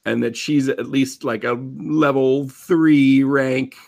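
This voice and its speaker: A man's voice: mid-range voice, fairly even intonation, takes it slowly, gravelly, darkish tone. A man running a tabletop game as game master on a podcast, laughing often and narrating with loose fillers.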